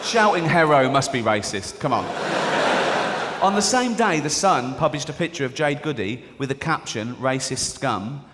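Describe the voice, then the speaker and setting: A man's voice: fairly high pitch, animated, normal speed, a bit bright. A man doing a stand-up comedy routine on stage, sardonic and mock-indignant, slipping into voices for the people in his stories. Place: large performance hall. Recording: live hall reverb with audience noise.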